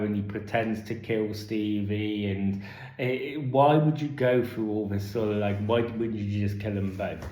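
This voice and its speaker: A man's voice: on the low side, darkish tone. A man giving a casual spoken film review, rambling with lots of fillers and restarts, and turning exasperated and sarcastic. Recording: echoey room.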